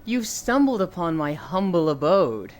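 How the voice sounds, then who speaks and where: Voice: medium pitch, big pitch swings, unhurried, a little mellow. A woman voicing a seductive, sinister game sorceress in a coy, mocking tone.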